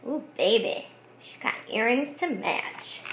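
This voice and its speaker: A woman's voice: a little high, animated, takes it slowly, fairly bright tone, slight background noise. Giggly chatty woman vlogger, roomy sound. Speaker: craft vlogger. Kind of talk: casual chat showing thrift finds. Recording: echoey room.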